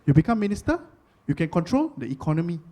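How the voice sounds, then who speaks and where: A man with a Singaporean accent performing a stand-up comedy set, chatty and animated, repeating lines for effect. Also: sits high, quick pace. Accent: Singaporean English. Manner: animated, chatty, rhetorical repetition.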